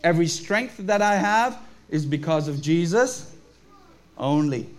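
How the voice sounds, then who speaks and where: High-voiced man preaching to families. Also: animated, a little slow. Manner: upbeat, asks the children questions. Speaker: pastor leading a family service. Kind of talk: family sermon for children and adults. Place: church service.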